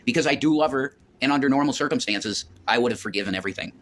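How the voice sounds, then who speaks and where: A man's voice: medium pitch, racing, fairly bright tone. Agitated, profane man with faint background noise. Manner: profane, agitated, repeating himself. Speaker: streamer telling a story. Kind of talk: emotional storytelling on a stream.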